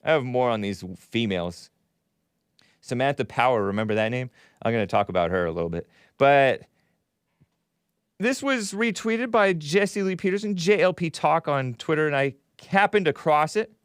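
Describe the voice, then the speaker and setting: A man's voice: medium pitch, very animated, moderate pace, clean tone, no echo, studio quality. A man hosting a talk show, delivering a casual monologue in a sardonic, mocking tone and laughing at his own remarks.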